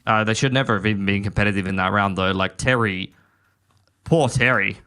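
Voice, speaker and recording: A man giving measured, analytical color commentary on an esports match. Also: fairly low pitch, sharp tone, smooth.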